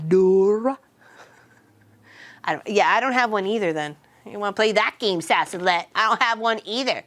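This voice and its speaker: A woman's voice: medium pitch, unhurried, long pauses, fairly bright tone. A woman in casual chat with her viewers, telling stories, laughing often and teasing people by name. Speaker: streamer chatting with viewers.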